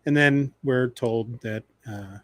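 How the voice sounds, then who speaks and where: A man co-hosting a podcast, retelling comic stories in a lively, animated way. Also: mid-range voice, slow pace, no room sound. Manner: animated retelling, acting out quoted lines. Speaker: podcast co-host. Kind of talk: casual chat about comics.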